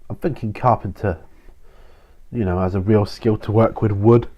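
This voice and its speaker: A man's voice: on the low side, fairly even intonation, moderate pace, lo-fi sound. A tired man hosting a casual question-and-answer video, rambling with many ums and restarts. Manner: rambling, self-interrupting, frequent ums and sighs. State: tired, prone to yawning. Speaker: channel host answering viewer questions.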